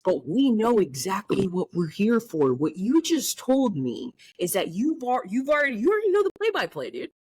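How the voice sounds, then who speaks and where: A woman entrepreneur, a podcast guest, talking in an enthusiastic and forceful way and swearing casually. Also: medium pitch, huge pitch swings, moderate pace, few pauses, husky, rough recording.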